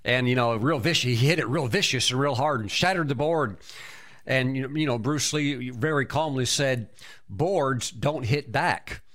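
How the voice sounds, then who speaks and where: A man's voice: mid-range voice, normal speed, a bit bright. A man preaching a sermon, emphatic, breaking into exclamations of praise and often repeating and restarting his words.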